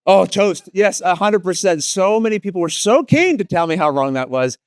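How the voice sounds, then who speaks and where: A high-pitched, smooth male voice with a Maritimes accent from Canada's East Coast carries this animated conference panel talk at normal speed. The presenter, who also makes tutorial videos, is self-deprecating, joking with listeners and asking them questions. The audio is clean studio sound without room noise.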